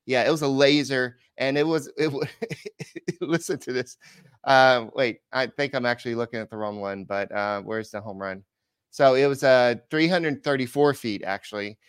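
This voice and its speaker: A man's voice: mid-range voice, moderate pace, clear, resonant tone, no echo. A man hosting a casual sports podcast, rambling through game stats with lots of "uh" and restarts. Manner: rambling, filler-heavy stat talk. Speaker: podcast host.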